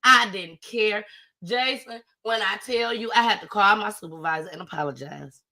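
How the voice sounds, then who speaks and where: A woman's voice: medium pitch, normal speed, bright, forceful tone. A woman, telling a story in a casual live-stream chat and acting out her own panicked cries. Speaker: storyteller guest.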